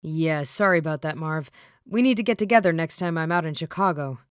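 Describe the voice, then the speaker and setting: A woman voicing a calm, reassuring young man who helps a friend. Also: low-pitched, a little fast, clean tone, dry recording, studio quality, natural voice.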